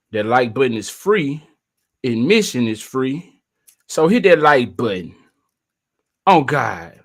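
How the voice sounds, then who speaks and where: A man runs a laid-back live stream in a loose, slangy way, shouting out viewers one by one as they show up. His voice sits at an ordinary middle pitch for a man. He keeps a casual, chatty flow throughout.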